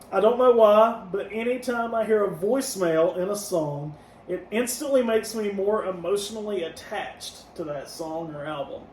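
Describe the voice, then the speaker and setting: A high-voiced man sounds far from the mic in an echoey room with faint noise. Co-hosting a casual podcast, he reviews an album track by track in a relaxed way, laughing easily and scoring each song out of ten.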